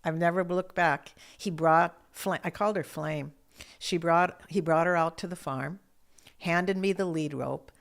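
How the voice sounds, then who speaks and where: A woman tells her faith testimony in an earnest storytelling voice. Her voice sits a little low and has a gravelly fry in it. She retells conversations as she goes. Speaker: guest sharing a faith testimony. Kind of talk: personal storytelling.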